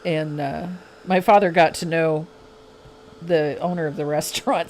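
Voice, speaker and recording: A woman's voice: deep voice, steady tone, measured pace, darkish tone, a little hiss or hum. A woman hosting a painting show, chatting enthusiastically and then talking through a brush demonstration. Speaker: painting teacher and host. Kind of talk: casual chat and painting demonstration.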